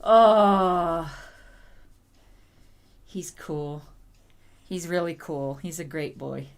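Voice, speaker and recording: A woman's voice: on the low side, extremely slow. A woman hosting a casual livestream, cooing and baby-talking to her puppy and laughing often. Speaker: livestream host.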